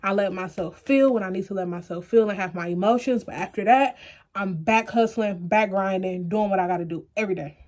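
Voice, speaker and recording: A woman's voice: mid-range voice, a little fast, a little mellow. A young woman vlogging to camera, earnest and close to tears, talking straight to her viewers. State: close to tears, eyes puffy. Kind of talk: emotional personal vlog to camera.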